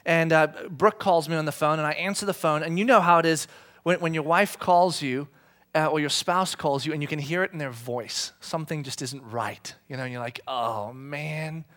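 A man's voice: a little high, normal speed, a bit bright. A man in his thirties, a pastor, telling a chatty, self-deprecating family story in a sermon. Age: 30s.

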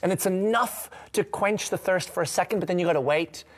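A man giving a reflective faith talk, earnest and searching, sometimes dropping to a hushed voice. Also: high-pitched, fairly quick. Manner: earnest, searching, many fillers and restarts, drops to a hushed voice at times. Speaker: speaker sharing a devotional reading.

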